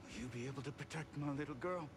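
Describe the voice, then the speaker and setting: A man's voice: medium pitch, quick pace, slight background noise, close to an everyday voice. An actor playing a weary fighter and worried father, speaking with grave, earnest pleading.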